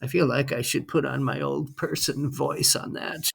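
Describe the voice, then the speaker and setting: A man's voice: medium pitch, flat delivery, normal speed, creaky, husky. A man in his sixties, a guest on an interview podcast, speaking reflectively with frequent ums. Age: 60s. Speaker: guest, fundraising leader.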